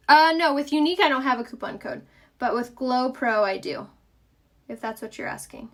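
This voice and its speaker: A young woman with a faint Southern US accent walks viewers through a casual live makeup tutorial at a moderate pace. Her voice is bright and a little high, and she keeps things chatty and upbeat, often pausing to answer viewer questions in a relaxed, friendly way.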